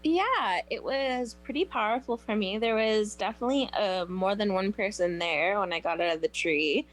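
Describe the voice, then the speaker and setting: A woman's voice: medium pitch, normal speed. A woman joining as a guest, casually describing her experience. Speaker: show guest. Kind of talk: casual chat.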